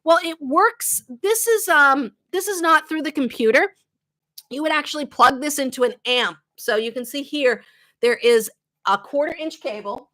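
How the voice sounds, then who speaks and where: A woman's voice: high-pitched, normal speed, pushed and bright. A woman with a light Boston accent, a guitar teacher chatting casually with viewers in a live-stream Q&A, laughing often. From Boston area, USA.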